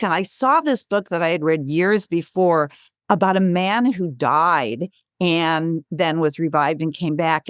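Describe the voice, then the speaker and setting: A woman in her sixties, a guest author, telling a lively story in a podcast interview and acting out the quotes. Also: on the low side, no room sound, clean studio sound. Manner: lively, animated storyteller who acts out quotes.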